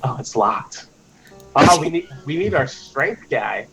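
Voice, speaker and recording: A player at a tabletop game who talks in an unhurried way and laughs often. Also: medium pitch, big pitch swings, a bit bright, soft background music, low-quality recording. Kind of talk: casual tabletop play.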